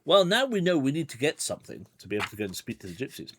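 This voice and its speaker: Husky guy on a livestream doing a gamebook, rambles a lot, really lively up and down voice. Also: medium pitch, racing. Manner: chatty and rambling, with asides and chuckles. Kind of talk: casual livestream gamebook playthrough.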